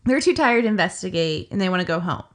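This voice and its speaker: This woman, co-hosting a podcast, has a lowish voice and talks fast and animatedly. She retells a story casually and chattily, packing in "like" fillers and acting out the quotes.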